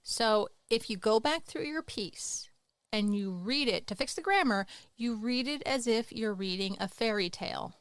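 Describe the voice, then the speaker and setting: Animated woman, playful teacherly podcast host. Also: on the high side, moderate pace, clear, resonant tone, no room sound. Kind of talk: casual podcast chat.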